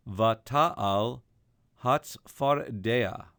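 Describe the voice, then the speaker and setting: A man's voice: lowish voice, expressive, moderate pace, clear, resonant tone, no echo, clean studio sound. A man teaching a recorded lesson on chanting Torah trope, explaining each mark and then singing the examples.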